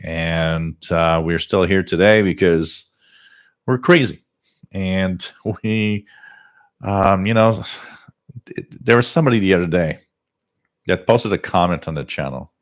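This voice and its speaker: A man hosting a live radio-hobby stream, ranting emphatically and rising toward near shouting. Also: deep voice, unhurried. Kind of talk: live-stream talk and rant.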